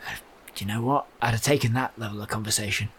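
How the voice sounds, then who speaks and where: A man playing his character in a tabletop game, measured and wry. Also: on the low side, fairly even intonation, a bit bright, a little hiss or hum. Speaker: player. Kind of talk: in-character tabletop role-play.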